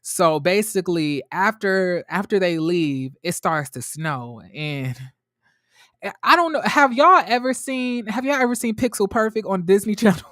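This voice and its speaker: A man reviewing a TV episode for his viewers in a chatty, animated way, talking straight to them and often restarting his sentences. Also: high-pitched, moderate pace, dry recording, studio quality. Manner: restarts and trails off a lot. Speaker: TV show reviewer. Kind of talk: casual episode recap to viewers.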